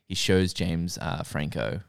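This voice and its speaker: A man's voice: deep voice, slow pace, vocal fry, no room sound, studio quality. A man co-hosting a casual podcast, recapping a TV show, swearing and acting out the characters' lines. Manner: animated, swearing, acts out quotes. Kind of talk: casual chat.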